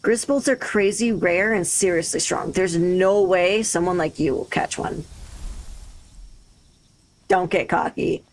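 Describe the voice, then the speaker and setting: A woman's voice: lowish voice, level tone, normal speed, gravelly, hardly any pauses, a little hiss or hum. A woman putting on a cocky Valley Girl rival. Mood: taunting. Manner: taunting, brash. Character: cocky young female rival monster tamer.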